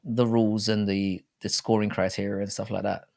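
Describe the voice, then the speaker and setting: A British man co-hosting a live fight-talk stream, chatting casually in an animated, jokey and rambling way with plenty of swearing. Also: lowish voice, a little fast, gravelly. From Britain. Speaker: co-host of a live fight show.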